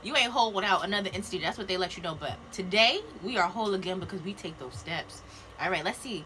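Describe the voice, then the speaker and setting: A chatty woman doing a live spiritual card reading over a phone, her voice bright and forward. She talks loosely and playfully to her viewers, laughing often, with a faint hiss of noise behind her. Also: mid-range voice, expressive, fast talker. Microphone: phone live video.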